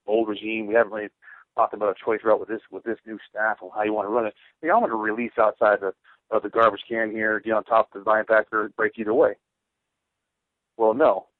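Emphatic ex-player on sports radio, tinny. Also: male voice, lowish voice, dry recording. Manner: emphatic storytelling, repeats phrases. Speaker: radio co-host, former pro football player. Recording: tinny phone-like radio broadcast, dry.

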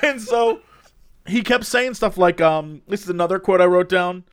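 A man's voice: high-pitched, normal speed, clean tone. A man telling a funny story in a casual chat, laughing often and acting out the people he quotes. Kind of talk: casual anecdote.

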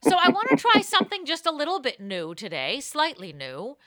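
A woman co-hosting a podcast in casual chat, chatty and animated and quick to laugh, recorded close on a podcast mic. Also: high-pitched, a crowd in the background. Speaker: podcast co-host.

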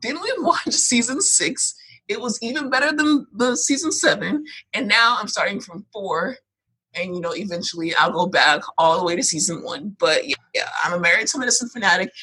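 Young woman co-host, very husky, chatty and laughing, casual podcast banter. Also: mid-range voice, lively intonation, sharp tone, rough recording. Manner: chatty, laughs often, quick asides. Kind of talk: casual chat.

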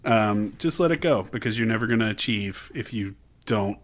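A man's voice: fairly low pitch, lively intonation, moderate pace. A man hosting a comedy podcast, chatting loosely and jokingly from a script. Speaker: podcast host. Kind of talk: casual comedic chat.

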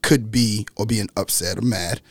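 A man in a casual group discussion who stumbles through restarts and then explains calmly. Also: fairly low pitch, normal speed, no echo, studio quality.

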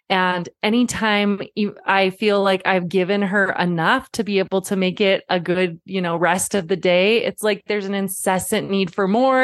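A woman in her thirties hosting a parenting podcast, talking straight to the listener in a warm, reassuring way, like a friend. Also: medium pitch, steady tone, normal speed, few pauses, dry recording, studio quality. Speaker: podcast host. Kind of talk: podcast monologue.

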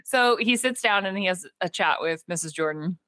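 A woman co-hosting a casual movie podcast, retelling the story with lively energy and jumping in and out of the characters' voices. Her voice sits at a middle pitch. It is recorded close and dry, with no room sound at all. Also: no room sound. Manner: animated retelling with quick voiced quotes and laughs. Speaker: podcast co-host. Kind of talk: casual movie recap chat.

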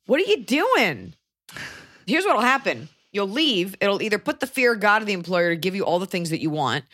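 A woman co-hosting an advice podcast, blunt and wry, given to quick rants. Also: medium pitch, animated, bright, forceful tone. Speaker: podcast co-host. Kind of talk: casual advice podcast chat.

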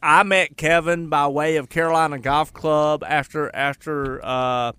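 A man's voice: on the high side, fairly even intonation, unhurried, bright, forceful tone, clear, resonant tone. A man with a Southern US accent co-hosting a radio show, telling rambling, joking stories in casual banter.

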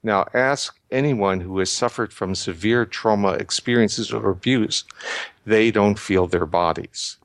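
Older man, low voice, dry sound, explanatory, frequent restarts, interview guest. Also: unhurried, no room sound. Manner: explanatory, many restarts and fillers. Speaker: guest researcher. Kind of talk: interview answers.

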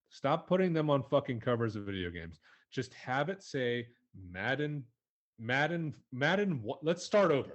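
Husky, animated young man ranting. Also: mid-range voice, highs cut off. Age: young adult. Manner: heated, sweary, mocking. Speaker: podcast co-host. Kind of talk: profane comedic rant.

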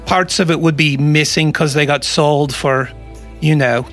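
A man hosting a podcast in casual comedic chat, a joking storyteller with quick asides. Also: a little high, steady tone, fairly bright tone, soft background music. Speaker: podcast host.

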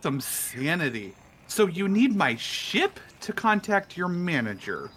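A man's voice: sits high, sing-song, takes it slowly, fairly bright tone, slight background noise, pitched above the performer's own voice, exaggerated voice. Man doing a fussy rich complaining guest. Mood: exasperated. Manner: whiny, flustered, stammering.

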